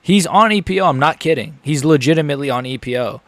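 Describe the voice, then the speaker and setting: A young man streaming a live fight reaction, excitable, swearing and repeating himself as he swings from groaning despair to shouting. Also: fairly high pitch, fast talker, dry recording.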